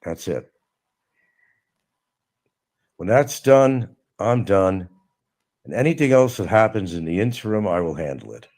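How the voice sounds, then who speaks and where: A man's voice: lowish voice, animated, unhurried, pauses often, a little mellow. A middle-aged man hosting a live stream, talking casually and mocking someone with sarcasm. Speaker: livestream host. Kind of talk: casual livestream monologue.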